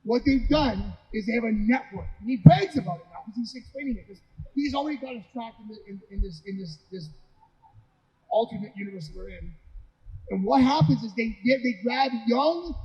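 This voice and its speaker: High-voiced fiery man in an echoey hall. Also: expressive, a little fast. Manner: fiery, rhetorical questions, repeats words. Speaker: guest speaker at a rally. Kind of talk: impassioned public speech. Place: indoor hall at a city hall. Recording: echoey hall, dull lo-fi sound.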